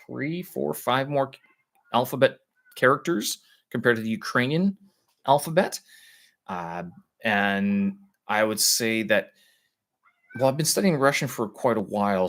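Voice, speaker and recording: Low-voiced man, halting live-stream talk. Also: a bit bright. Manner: halting, searching for words with many pauses; explains casually to viewers. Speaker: language learner streaming live. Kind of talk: live stream, thinking aloud.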